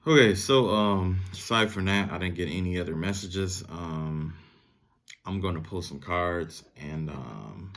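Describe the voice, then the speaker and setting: A young adult man giving a casual tarot reading in a relaxed, rambling way, full of fillers and asides. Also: sits low, a little slow. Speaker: tarot reader.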